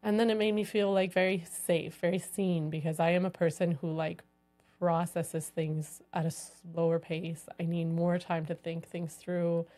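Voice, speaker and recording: A woman's voice: lowish voice, level tone, moderate pace, warm tone. A woman co-hosting a podcast about marriage, talking reflectively in casual conversation and saying "like" a lot. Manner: reflective, says "like" often. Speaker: podcast co-host.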